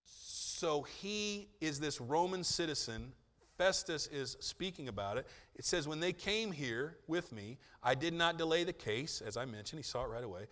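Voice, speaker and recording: Bright-voiced male pastor preaching casually. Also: a little high, expressive, normal speed, in a large hall. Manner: conversational, joking asides, acts out quotes. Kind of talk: sermon.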